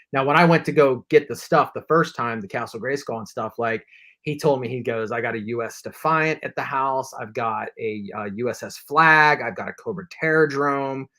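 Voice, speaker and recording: On a collectors' live stream, a man with a medium-pitched, pushed, bright voice chats casually through a long story. He acts out quotes and pads his rambling anecdote with plenty of fillers.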